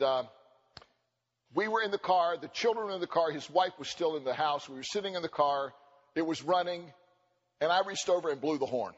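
A man preaching a sermon at a church conference, animated and joking, acting out quoted voices. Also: a little high. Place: church sanctuary. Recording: dull recording with long hall reverb.

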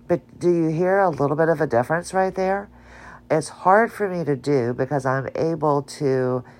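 A woman hosting her own podcast, talking casually with a nasal voice and a chatty, rambling, self-laughing manner. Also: a bass voice. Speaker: podcast host. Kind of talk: casual solo podcast talk.

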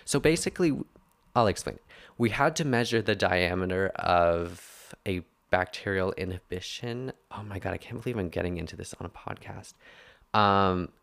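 A young adult man hosts a podcast, ranting casually and rambling with many filler words and self-corrections. His voice is low-pitched and gravelly, with lively intonation, normal speed, and a fairly bright tone.

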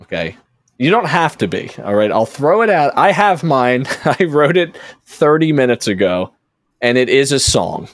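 A man's voice: mid-range voice, sing-song, normal speed, no room sound. A man hosting a casual podcast chat, talking chattily with lots of fillers and frequent laughs. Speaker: podcast host.

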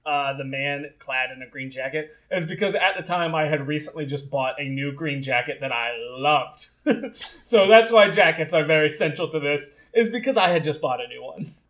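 A man's voice: fairly high pitch, moderate pace. A young man co-hosting a comedy podcast, chatting casually and laughing often as he talks about his old script. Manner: laughs often, plays characters flatly without accents. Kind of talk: casual comedic chat and table read.

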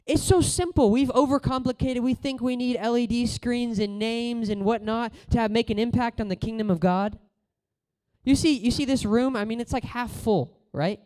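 High, smooth-voiced male preacher. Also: fairly even intonation, moderate pace. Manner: casual, conversational preaching with storytelling; voice rises and falls between loud exhortation and quiet storytelling. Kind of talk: sermon.

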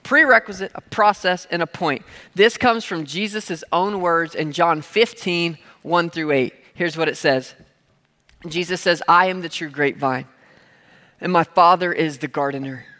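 A man's voice: on the high side, measured pace, bright, forceful tone. A man preaching a sermon as pastor, talking conversationally with playful asides and having the crowd repeat key words. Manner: playful asides and everyday examples. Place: church hall. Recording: long reverb of a large hall.

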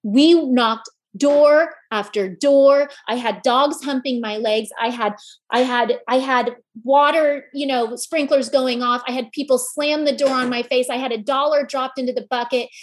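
A woman's voice: high voice, fairly even intonation, a little slow. A woman from Kansas giving an impassioned motivational speech, mixing rallying repeated phrases with personal storytelling. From Kansas, USA. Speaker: motivational speaker. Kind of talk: motivational speech to a live audience.

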